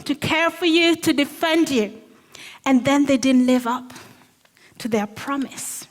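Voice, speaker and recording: A woman preaching a sermon in a church hall, earnest and measured, slowing down on the phrases she wants to stress. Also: high voice. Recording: long reverb of a hall.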